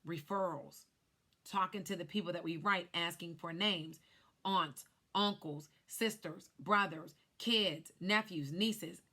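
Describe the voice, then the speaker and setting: A woman in her thirties, a life insurance agent, telling her story to camera in an animated way while glancing at cue cards. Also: on the low side, slow pace. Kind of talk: casual talk to camera.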